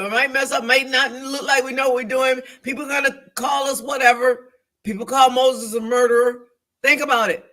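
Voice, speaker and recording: A woman co-hosting a church talk show, talking about faith with a preaching edge. Her voice is bright and forceful, and her delivery is animated and emphatic. She repeats phrases for emphasis and acts out the voices in her head. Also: high-pitched, normal speed.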